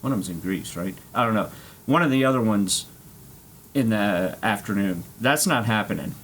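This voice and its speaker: Streamer type, man with a lowish voice, casual profane storyteller, faint hiss behind. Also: animated, normal speed, a bit bright. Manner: profane, laughing, filler-heavy.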